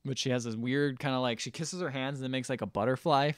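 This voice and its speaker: A man's voice: mid-range voice, steady tone, fast, clear, resonant tone, dry recording, studio quality. A man co-hosting a podcast, casually retelling a film's plot and acting out the characters' lines as he goes. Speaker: podcast co-host. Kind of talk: casual film recap chat.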